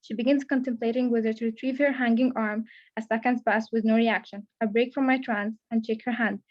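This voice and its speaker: Young woman reading her own story, kinda high and flat, muffled webinar sound. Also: a little fast. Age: young adult. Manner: steady first-person reading with small restarts. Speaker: creative writing student. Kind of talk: reading own fiction aloud. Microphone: video call.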